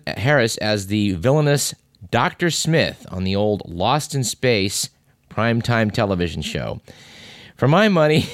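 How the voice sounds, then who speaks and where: A man hosting a show, talking through a casual monologue in a halting way, with many filler pauses. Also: fairly low pitch, no echo, studio quality. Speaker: radio show host.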